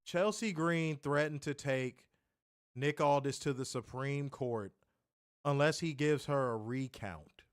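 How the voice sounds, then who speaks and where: A man's voice: mid-range voice, slow, no room sound, studio quality. A man co-hosting a wrestling review in casual chat, sarcastic and exasperated, often restarting his sentences. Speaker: wrestling show co-host.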